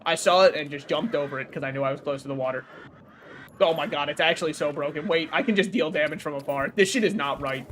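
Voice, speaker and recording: High-voiced joking young man streamer. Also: quick pace, a bit bright, a little hiss or hum. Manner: joking, rambling, laughs at own jokes. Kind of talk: casual gaming stream chat.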